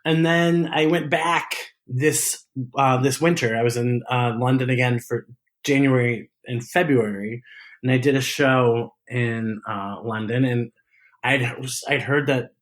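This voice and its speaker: Animated, laughing man telling stories. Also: mid-range voice, unhurried. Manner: animated storyteller, laughs and giggles often, many restarts. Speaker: guest, drag performer. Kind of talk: casual interview chat.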